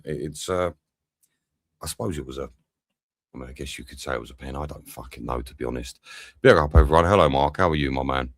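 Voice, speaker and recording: Sweary low-voiced football fan. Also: male voice, fairly bright tone, no echo, clean studio sound. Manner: sweary, exasperated, chatty with viewers. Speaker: football watch-along streamer. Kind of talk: live match commentary and chat.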